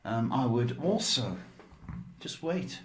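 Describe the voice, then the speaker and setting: Slow-talking man giving tarot readings. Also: medium pitch, sing-song, a little hiss or hum. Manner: chatty, teasing, calls listeners babe. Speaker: psychic tarot reader and host. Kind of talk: live-stream psychic reading. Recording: echoey room.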